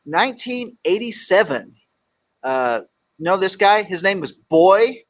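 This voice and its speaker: A middle-aged Texan radio host trades casual talk-show banter, joking around and reading quotes aloud with emphasis. His voice sits high and is very animated, though his pace stays measured.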